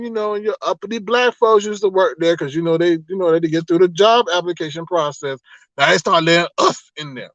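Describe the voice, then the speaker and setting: High-voiced, animated male livestream host. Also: moderate pace, no echo. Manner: animated, exclamatory storytelling with frequent laughs. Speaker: livestream host reading chat. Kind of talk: casual livestream chat. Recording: dull, slightly lo-fi, dry sound.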